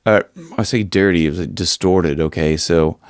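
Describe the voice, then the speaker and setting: A man's voice: deep voice, normal speed, smooth, no echo, studio quality. A man giving a casual singing lesson, rambling with restarts and now and then demonstrating screamed lines. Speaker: vocal coach.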